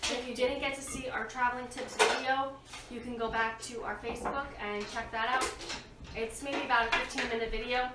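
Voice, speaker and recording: A woman's voice: a little high, fairly even intonation, brisk, very noisy. A woman in her thirties hosting a casual cooking demonstration in her home kitchen, chatting to viewers and coaching her kids as she cooks. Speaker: host of a home cooking show, mother. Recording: echoey kitchen, far from the mic, clattering dishes. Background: clinking cutlery and dishes.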